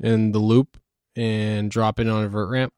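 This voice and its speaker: A man's voice: on the low side, level tone, measured pace, darkish tone, clear, resonant tone, no room sound, clean studio sound. A man in casual podcast chat, teasing his friends in laid-back "dude" slang. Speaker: podcast co-host.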